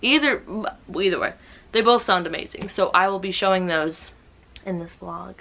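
A young woman from the United States talks through her book haul and her day in a loose, chatty vlog. Her voice is bright and forward, her tone excitable, and she keeps breaking in with self-mocking asides. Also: fairly low pitch, normal speed, gravelly. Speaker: book vlogger. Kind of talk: casual vlog chat.

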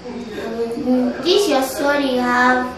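High-voiced young woman, hesitant and giggly. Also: fairly even intonation, extremely slow, recorded from a distance, a crowd in the background. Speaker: daughter, vlog regular. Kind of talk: casual family chat. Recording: echoey room, off-mic, some noise.

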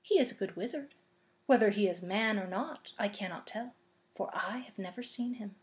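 A woman voicing a kind, gentle little old female witch who speaks solemnly and motherly in a storybook reading. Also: medium pitch, moderate pace, natural voice. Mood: kindly.

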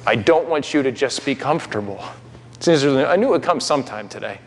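A man's voice: mid-range voice, animated, brisk. A man preaching a sermon in a conversational way, with asides to the congregation. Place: church sanctuary. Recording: long hall reverb.

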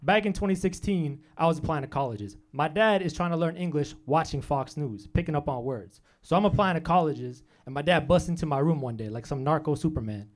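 A young man from New Hampshire doing a quick, deadpan stand-up set in a comedy club. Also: fairly high pitch. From Manchester, New Hampshire, US. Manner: quick deadpan punchlines, voices his family in quotes. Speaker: stand-up comic.

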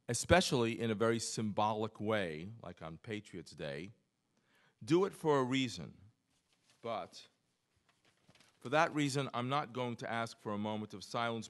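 A low-pitched American man speaks at a conference, opening a panel with earnest remarks. He talks with frequent fillers and a touch of self-deprecating humor as he introduces each guest. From United States. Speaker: panel moderator. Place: conference hall.

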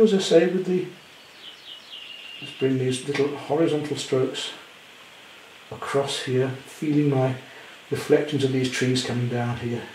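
A man demonstrating a painting at home, chatty with gentle self-deprecating humour. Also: medium pitch, roomy sound, a little hiss or hum, low-quality recording. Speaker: art teacher. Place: indoor studio at home.

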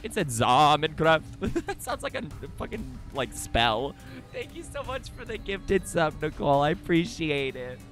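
A man streaming a video game live in casual chat, excitable and profane, laughing and greeting viewers loudly. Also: a little high, measured pace, music in the background. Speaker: livestreaming gamer.

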